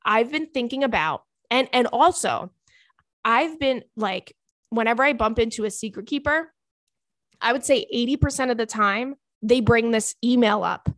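A woman's voice: a little high, normal speed, no room sound. Chatty young woman podcast host. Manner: gossipy, animated, swearing, says "girl" and "like" often. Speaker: podcast host reading listener emails. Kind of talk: casual chat.

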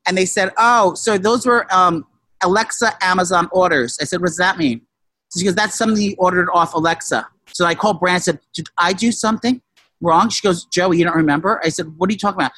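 Fast, profane, rambling storyteller. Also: male voice, high voice, no echo. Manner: rambling, profane, with many restarts and shouted quotes. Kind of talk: casual chat.

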